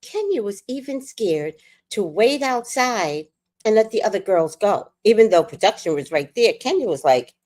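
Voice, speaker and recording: A woman telling a storytime rant on her livestream, animated, worked up and swearing freely. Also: medium pitch, normal speed. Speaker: livestream host.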